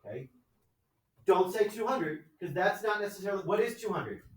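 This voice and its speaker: A man teaching a high school math class, lecturing conversationally and often checking in with "right?" and "okay?". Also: expressive, normal speed, far from the mic. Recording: echoey classroom, mic from afar.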